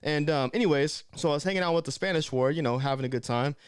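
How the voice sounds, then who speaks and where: A man's voice: on the high side, quick pace, clean tone, dry recording, studio quality. A young man in casual, slangy storytelling as a vlogger, talking to camera. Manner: slangy, animated, conversational.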